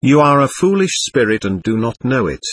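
A man's voice: medium pitch, big pitch swings, moderate pace, no room sound, clean studio sound. A man reading a firm, lecturing doctor. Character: calm, firm male doctor questioning a spirit. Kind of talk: reading a séance transcript aloud.

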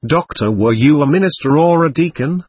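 Man reading a stern, patient male doctor, husky, lectures steadily. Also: fairly high pitch, animated, moderate pace, no room sound. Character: calm, firm male doctor questioning a spirit. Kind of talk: reading a séance transcript aloud.

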